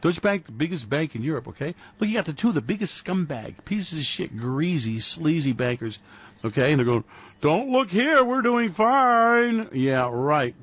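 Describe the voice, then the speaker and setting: A man's voice: medium pitch, expressive, brisk, slightly rough, muffled recording. A man hosting a radio show, ranting in a sarcastic, profane, mocking way. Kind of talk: solo financial commentary rant.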